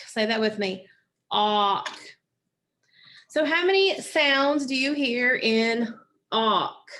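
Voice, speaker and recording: A woman teaching a phonics lesson, slowly and patiently sounding out words and syllables for children. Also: high voice, sharp tone.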